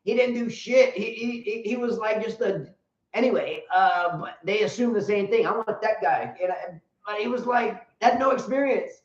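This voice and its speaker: A man's voice: high voice, moderate pace, echoey room, lo-fi sound. A man co-hosting a tennis show in casual live-stream chat, joking and teasing, with repeated punchlines. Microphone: computer mic on a live stream.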